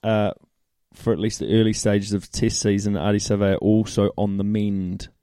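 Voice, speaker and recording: A man's voice: on the low side, level tone, moderate pace, dark tone, clear, resonant tone, dry recording, studio quality. A man co-hosting a casual sports chat, laid-back and blunt in his banter. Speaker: podcast co-host.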